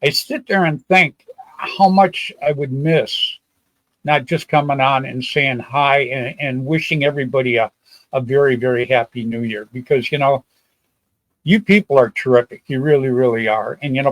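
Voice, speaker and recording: A man's voice: mid-range voice, moderate pace, no room sound, poor audio. An older man hosting a casual live-stream chat, rambling and folksy, often repeating himself. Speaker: show host.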